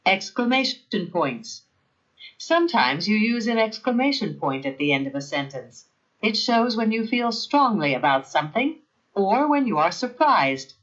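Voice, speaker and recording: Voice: mid-range voice, sing-song, unhurried, a bit bright, highs cut off. A narrator giving a scripted grammar lesson in a careful, evenly paced teaching manner.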